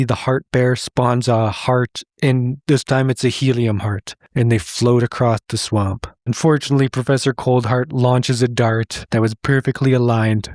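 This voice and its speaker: A man's voice: medium pitch, dry recording, clean studio sound. Sarcastic man recapping a cartoon. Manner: sarcastic, deadpan storytelling with frequent laughs. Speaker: cartoon commentary host. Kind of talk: comedic recap of an old cartoon.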